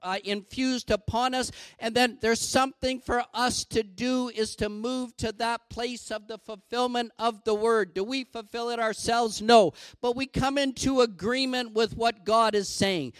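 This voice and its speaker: High-voiced man preaching a sermon. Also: smooth, no echo. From Canada. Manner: earnest, building to emphatic exhortation.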